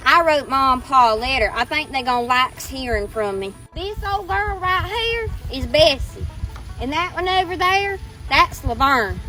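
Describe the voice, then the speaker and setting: A woman's voice: sits high, expressive, moderate pace, sharp tone, soft background music. A woman playing a backwoods hillbilly woman in a comedy skit, speaking in an exaggerated Southern drawl with a folksy, hammy manner.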